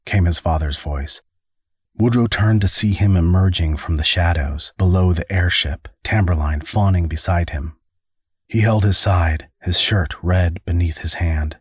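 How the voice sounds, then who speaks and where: Deep husky male audiobook narrator. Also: measured pace, no echo, clean studio sound. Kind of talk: scripted narration.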